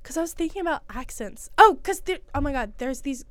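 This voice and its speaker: A woman's voice: sits high, lively intonation, a little fast, no echo. Giggly, stuffed-up young American woman. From United States. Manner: chatty, giggly, with many fillers. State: stuffed-up nose from a cold. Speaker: podcast co-host. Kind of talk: casual chat.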